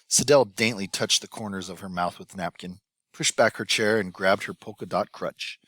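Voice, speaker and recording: A man reading a novel aloud as an audiobook narrator, in a measured, even scripted narration. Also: low voice, dry recording.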